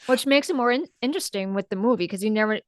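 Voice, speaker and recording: Smooth-voiced woman in casual chat. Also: medium pitch, fast talker, dry recording. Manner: relaxed, chatty, with filler words. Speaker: podcast co-host. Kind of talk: casual horror movie chat.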